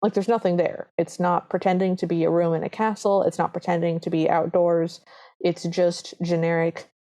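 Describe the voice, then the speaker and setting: A woman's voice: fairly low pitch, flat delivery, moderate pace, mellow. A woman co-hosting a podcast in casual chat, gushing with enthusiasm as she describes scenes. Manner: enthusiastic, gushing, often quotes characters. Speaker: podcast co-host.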